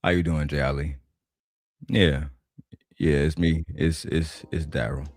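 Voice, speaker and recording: A man putting on a slow, smooth, seductive voice, playing a suave flirt. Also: fairly even intonation, no room sound, clean studio sound. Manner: slow, low crooning flirtation.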